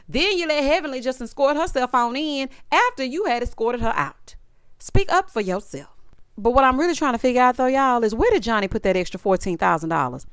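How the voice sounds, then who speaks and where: A woman's voice: high voice, a bit bright, clean tone, no echo, clean studio sound. A woman giving a sassy, opinionated recap of a reality show and talking straight to her viewers. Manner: sassy, talks to viewers directly, acts out cast members' lines.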